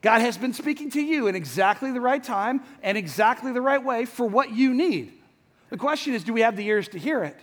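A middle-aged man preaching a sermon to a hall audience, chatty and lively, often asking the crowd questions. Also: very high-pitched, brisk. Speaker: pastor. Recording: long hall reverb.

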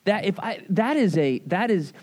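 A man preaching a casual sermon, talking to a congregation in a loose, animated way full of asides and questions. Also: high-pitched, normal speed. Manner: conversational, animated, lots of "like" and "right?". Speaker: pastor. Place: church service.

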